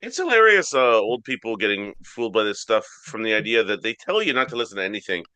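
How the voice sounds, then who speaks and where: A man with a bright, forceful voice spins deadpan, absurd stories in casual comedy podcast chat. He jumps way up in pitch when he acts out other people. The sound is close and dry. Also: fast, clean tone, no room sound. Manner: deadpan absurd storytelling, voices his mom in high squeaks. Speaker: podcast co-host.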